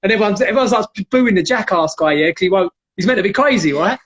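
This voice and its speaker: A man, a former MMA fighter, telling lively stories casually as a guest and acting out quotes in a raised voice. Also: sits high, quick pace, breathy edge. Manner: animated, acts out quotes in raised voice. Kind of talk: casual storytelling on a livestream. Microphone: video call. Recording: dull lo-fi livestream audio.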